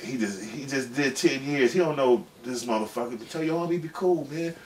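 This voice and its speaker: A man in his forties spins a long, rambling tale in loose, profane slang. His voice sits at an ordinary middle pitch. He is picked up from some distance off the mic, with a faint hiss of noise behind him. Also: brisk. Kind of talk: casual storytelling.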